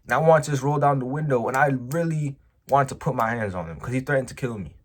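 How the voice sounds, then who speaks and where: A fast-talking man with a mid-range voice, this business owner tells a personal story to his vlog audience. He's emphatic and animated, heavy on slang, with "bro" coming up again and again.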